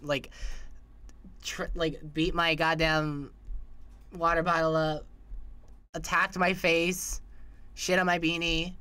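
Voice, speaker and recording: A young woman streamer, voice training toward a softer higher voice, chatting casually with her chat, swearing and laughing often, her throat a little phlegmy. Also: flat delivery, clear, resonant tone, no echo. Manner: profane, joking, quick to laugh. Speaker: livestreamer.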